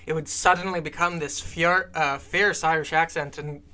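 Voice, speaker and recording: A man's voice: a little high, fairly even intonation, moderate pace, sharp tone. A man co-hosting a podcast, telling a long story in casual chat with many fillers. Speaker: podcast co-host.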